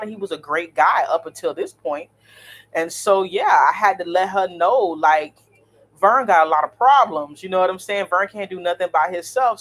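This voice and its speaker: A woman, in her thirties, telling a story in a blunt, animated, cursing vlog style. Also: fairly low pitch. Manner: blunt, animated, swears freely. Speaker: vlogger.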